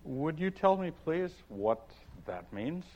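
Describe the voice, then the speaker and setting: A man voicing a polite, puzzled young girl in a soft, lifted voice. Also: fairly high pitch, big pitch swings, takes it slowly, voice pushed up, full character voice. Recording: dull lo-fi recording.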